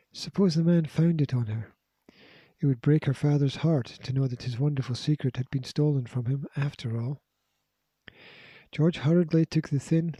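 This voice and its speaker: A man reading a children's adventure story aloud in a steady, expressive way. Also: a little high, breathy edge, dry recording. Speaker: narrator. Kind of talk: audiobook narration.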